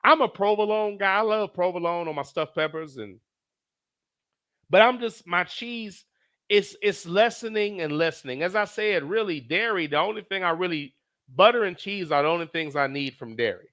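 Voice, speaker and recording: A man streaming live, reading chat messages aloud in a casual, animated, profane way. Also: sits high, normal speed.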